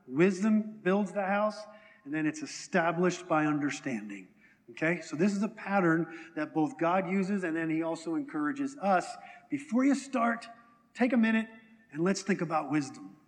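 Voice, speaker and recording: A man gives a relaxed, chatty sermon and keeps checking in with the congregation. His voice sits fairly high for a man. Long reverb trails off each phrase in the church hall. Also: normal speed. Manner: conversational, asks the congregation questions. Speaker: pastor.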